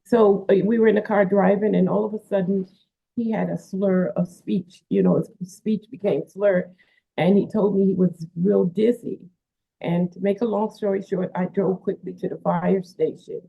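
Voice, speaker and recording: Woman w/ gravelly husky voice, rambly storyteller, sounds tinny like a phone call. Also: mid-range voice, steady tone, normal speed. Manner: rambling, repeats herself, many fillers. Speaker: manager and caretaker of a wrestler. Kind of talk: casual interview storytelling.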